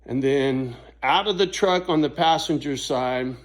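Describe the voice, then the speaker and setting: Middle-aged vlogger, loose and profane, rambles through an anecdote with a plain everyday voice. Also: male voice, medium pitch, a little slow. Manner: rambling, profane, frequent "right?" asides. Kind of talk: casual storytelling to camera.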